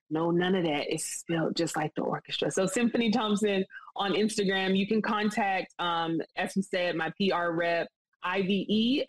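A woman's voice: on the low side, no echo, low-quality recording. A woman speaking as an interview guest, earnest and enthusiastic, talking at length in a casual, rambling way.

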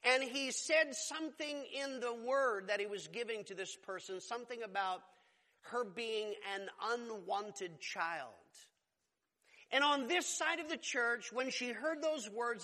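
A man preaching a sermon as a pastor, emphatic and rising to loud exclamations. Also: very high-pitched, expressive, a little slow. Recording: long hall reverb.

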